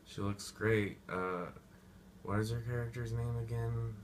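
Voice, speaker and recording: A man's voice: mid-range voice, steady tone, measured pace, slight background noise. A young man giving a rambling, profane casual movie review, full of slang and goofy asides.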